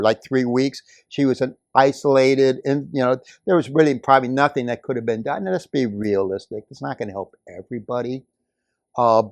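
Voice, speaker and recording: An older man speaking at a community meeting, telling a story and building to forceful, emphatic outbursts. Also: mid-range voice, gravelly, no room sound, studio quality. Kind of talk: impassioned public comment.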